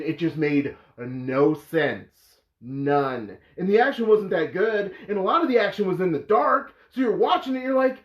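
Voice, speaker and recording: A man hosting a casual movie review, animated and exasperated, breaking into emphatic, incredulous outbursts. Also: sits high, normal speed. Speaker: host of a movie review show. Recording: echoey room, dull lo-fi sound.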